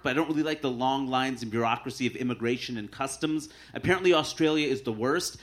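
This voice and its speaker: A man doing a stand-up set on a club stage with a handheld mic, dry and deadpan, putting on quick voices for his bits. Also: on the high side. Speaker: stand-up comedian. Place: comedy club stage with audience laughter. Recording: live club recording with clear audience noise.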